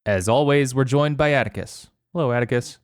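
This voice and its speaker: A man's voice: mid-range voice, a little fast, smooth, dry recording. A man hosting a podcast in casual chat, with a dry delivery that comes across as sarcastic. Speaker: podcast host.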